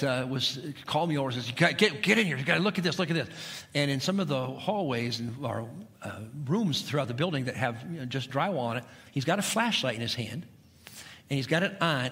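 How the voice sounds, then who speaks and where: A man's voice: medium pitch, fairly bright tone, big-room sound. A middle-aged male pastor preaching a sermon in a church, emphatic, with repeated phrases and rhetorical questions. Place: church sanctuary.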